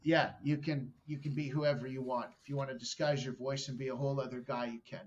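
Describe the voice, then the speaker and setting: A man's voice: mid-range voice, level tone, fast, muffled recording. A man guesting on a podcast, telling a story bluntly and with plenty of swearing. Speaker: comedian guest. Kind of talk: casual podcast chat.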